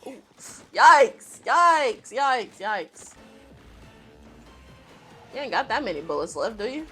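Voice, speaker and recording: A woman's voice: a little high, very animated, slow, bright, forceful tone, breathy edge, faint music behind. A young woman giving casual reaction commentary to a movie, talking back at the screen with teasing jokes and exclamations.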